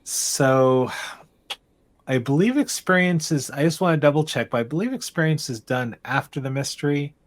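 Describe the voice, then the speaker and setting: A man runs a tabletop game as game master, narrating scenes in a meandering, halting way and frequently restarting. His voice is on the high side.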